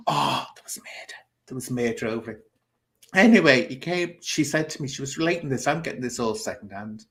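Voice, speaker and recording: A chatty man hosts a casual talk show, spinning a long anecdote with theatrical flair. He talks at a middling pitch and breaks into laughter now and then as he tells it. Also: animated, brisk, fairly bright tone. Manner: chatty, theatrical, laughs while telling stories. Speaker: host. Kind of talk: casual chat show storytelling.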